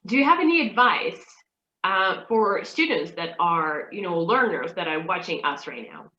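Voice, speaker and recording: Brief: woman host, bright sharp tone, animated, recorded in an echoey room on a dull lo-fi mic. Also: fairly low pitch, moderate pace. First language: French. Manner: animated, laughs a lot. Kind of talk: casual interview. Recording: roomy, dull lo-fi sound.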